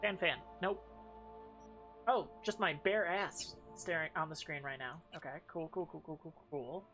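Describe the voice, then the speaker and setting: A woman's voice: low-pitched, unhurried, fairly bright tone, soft background music. A woman streaming a game and chatting casually with her chat. She thinks aloud and swears often. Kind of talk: casual live game commentary.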